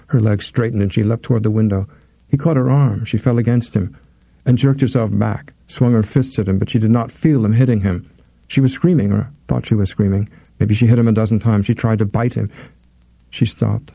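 Gravelly, dark-voiced male narrator. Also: lowish voice, fairly even intonation, fairly quick, no room sound, dull audio. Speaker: audiobook narrator. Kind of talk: scripted narration.

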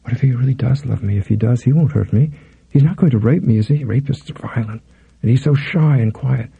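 A frightened young woman begs in breathless, raised tones, as a male audiobook narrator puts her on. The voice keeps a gravelly, husky grain and a very dark timbre. It sits in a dry, dull, lo-fi recording. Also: brisk, dry recording. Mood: pleading. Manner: breathless, pleading, raised pitch.

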